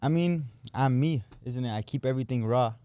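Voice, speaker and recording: A man's voice: medium pitch, a little fast, dark tone, clear, resonant tone, no echo. Laid-back young man, dry close sound. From Canada. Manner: laid-back, laughs easily, trails off with "like". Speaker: guest, online creator and amateur boxer. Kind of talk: casual interview chat.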